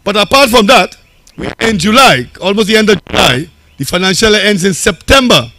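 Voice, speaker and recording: A man's voice: sits high, animated, fairly quick, sharp tone. A Trinidadian man, a local council chairman, giving a campaign rally speech in a conversational, storytelling way that often repeats phrases.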